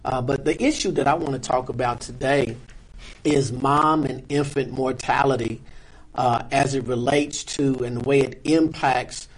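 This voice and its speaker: A man, a pastor, speaking earnestly as an interview guest in a measured, halting way with many fillers. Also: medium pitch, steady tone, breathy edge, poor audio.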